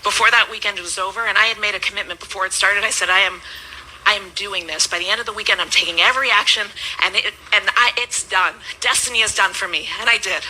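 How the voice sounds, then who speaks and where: A woman in her thirties, a business coach, giving an emphatic motivational speech that swings between loud and hushed. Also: medium pitch, fairly even intonation, fast, slight background noise, low-quality recording.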